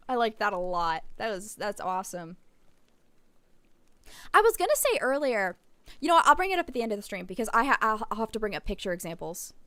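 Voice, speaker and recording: A woman streamer doing let's play commentary, rambling and gushing excitedly over what she sees. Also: medium pitch, fairly quick, clean tone, dry recording.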